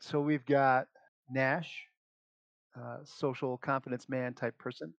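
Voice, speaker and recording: A man's voice: mid-range voice, slow, creaky, no room sound, muffled recording. A man acting as game master, casually explaining character creation and rules with lots of fillers and laughs. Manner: relaxed, chatty, many fillers, laughs often.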